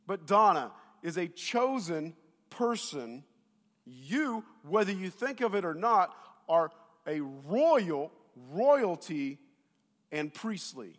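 A man preaching a sermon to his congregation on a lapel mic, telling stories in an animated way and speaking straight to the people in front of him. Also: fairly high pitch. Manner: animated storytelling, addresses the congregation directly. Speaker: pastor. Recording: long reverb of a big hall.

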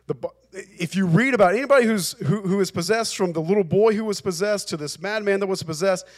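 A man's voice: sits high, a little fast. A male pastor preaching a sermon, emphatic and repeating phrases for emphasis.

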